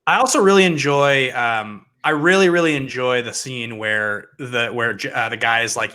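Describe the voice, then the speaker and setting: A man's voice: medium pitch, normal speed, few pauses, sharp tone, clean tone. A man co-hosting a casual movie podcast who eagerly retells scenes and acts out their dialogue. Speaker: podcast co-host.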